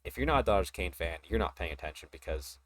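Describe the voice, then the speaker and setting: A man hosting a casual hobby podcast, talking in an excited, rambling way and laughing often. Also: low-pitched, fast talker, a little hiss or hum. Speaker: podcast host.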